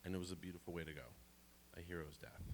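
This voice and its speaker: A man telling a true first-person story at a live library storytelling event, animated and playful with comic asides. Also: low voice, fast talker, slight background noise.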